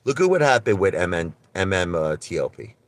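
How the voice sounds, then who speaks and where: Deep-voiced man rambling on a stream. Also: fairly quick, no echo. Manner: rambling, animated storytelling. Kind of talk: rambling casual livestream chat.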